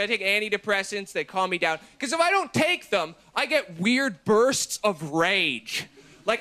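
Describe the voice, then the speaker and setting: A man in his twenties doing a stand-up routine on a TV comedy show, deadpan with sudden shouted bursts. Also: very high voice. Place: TV studio stage before an audience.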